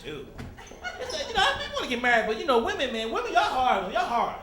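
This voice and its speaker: A man doing a stand-up comedy set, animated, talking straight to the crowd and slipping into loud character voices. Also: very high voice, fast, roomy sound. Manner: talks directly to the crowd. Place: comedy club stage.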